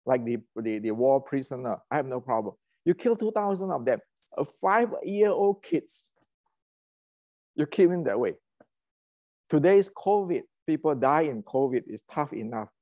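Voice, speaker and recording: A man's voice: medium pitch, expressive, a little slow, warm tone, no room sound. Heated man. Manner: heated, ranting, many restarts and fillers. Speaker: martial arts channel host. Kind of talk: casual lecture.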